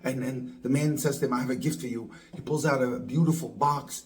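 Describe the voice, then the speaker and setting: A man delivers a moral lesson as a rabbi, telling a story and slipping into the voices of its people as he quotes them. His voice sits at an ordinary middle pitch for a man. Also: brisk, rough recording. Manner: animated storyteller acting out quoted lines. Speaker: rabbi and dating coach.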